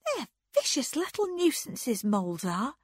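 A woman reading aloud, voicing an impulsive, quick-tempered young woman in a high, carrying voice. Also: wildly swooping pitch, husky, dry recording, clean studio sound, full character voice. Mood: blunt. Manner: impulsive, blunt.

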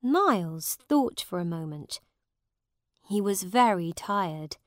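A woman reading a simple story aloud in a clear, measured way. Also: medium pitch, lively intonation, dry recording, studio quality. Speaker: reader. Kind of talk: slow storybook narration for learners.

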